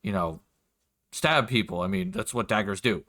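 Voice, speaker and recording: A man's voice: lowish voice, normal speed, sharp tone. A man voicing a blunt, flustered town guard sergeant who stammers when he answers his lord.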